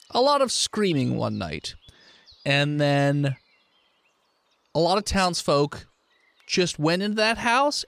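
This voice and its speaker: A man's voice: on the high side, gravelly, fairly bright tone, dry recording. A man running a tabletop game, explaining the setup in a loose, rambling way. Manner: loose, rambling, with restarts and laughs. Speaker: game master. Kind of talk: narrating a tabletop game, casual chat.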